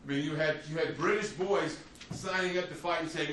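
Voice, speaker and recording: A man's voice: on the high side, fairly quick, fairly bright tone, a little hiss or hum. A male history teacher giving a conversational classroom lecture, often checking in with "you see" and "right?" as he talks. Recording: roomy, distant, faint ambience.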